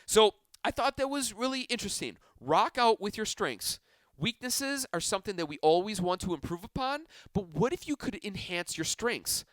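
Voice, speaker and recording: Male podcast host, enthusiastic, conversational, bouncy lively pitch, dry close sound. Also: moderate pace, dry recording. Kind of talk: self-help podcast monologue.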